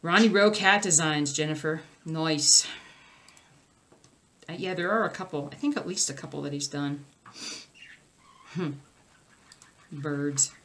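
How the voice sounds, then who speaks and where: A young woman hosts a casual stitching livestream, reading out viewer comments and answering them. Her voice sits slightly low for a woman. She rambles in a loose, chatty way, full of fillers and restarts. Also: moderate pace, pauses often, fairly bright tone. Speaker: cross stitch vlogger.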